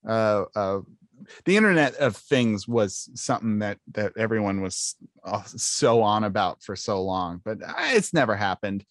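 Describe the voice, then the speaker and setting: A man's voice: fairly low pitch, normal speed, dry recording, clean studio sound. A young man co-hosting a podcast in playful, jokey casual chat. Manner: playful, jokey, slips into silly put-on voices. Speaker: podcast co-host.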